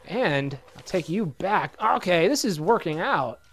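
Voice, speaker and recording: A man casually commenting on his own gameplay, excitable and swearing a lot, with a slightly hoarse voice. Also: high-pitched, unhurried. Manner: excitable, swears a lot, sudden loud outbursts. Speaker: let's play gamer.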